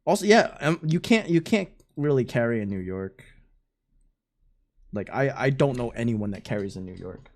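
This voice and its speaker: A streamer reacts live in a loose, casual way, full of slang, swearing and bursts of laughter. The pitch swings widely from low mutters to high exclamations while the voice sits at a middle height. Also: animated, moderate pace, a little mellow.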